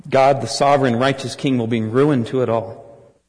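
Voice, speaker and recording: An American man preaching a sermon, earnest and rising to forceful emphasis. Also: mid-range voice, steady tone, moderate pace, long reverb tail, low-quality recording. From United States.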